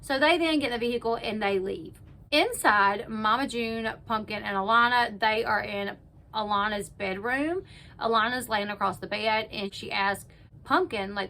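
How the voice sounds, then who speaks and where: A woman's voice: a little high, normal speed, bright, forceful tone. A woman hosting her own channel, casually recapping a reality show episode and quoting the people in it with lots of "like" and "you know".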